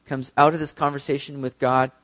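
A man's voice: medium pitch, level tone, fairly quick, fairly bright tone. A man preaching a sermon in a casual, conversational way, with frequent fillers and restarts, speaking directly to the congregation.

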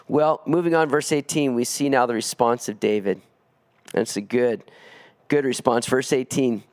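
A man preaching an expository sermon, earnest, climbing higher when he presses a point. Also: normal speed, a little mellow. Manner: earnest preaching, rising in pitch on emphatic pleas. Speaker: pastor.

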